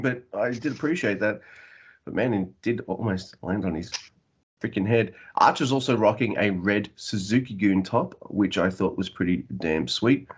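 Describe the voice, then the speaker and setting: A man's voice: on the low side, moderate pace, slightly rough, dull audio. A man co-hosting a podcast, chatting casually and jokingly about a wrestling show. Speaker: podcast co-host. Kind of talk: casual wrestling recap chat.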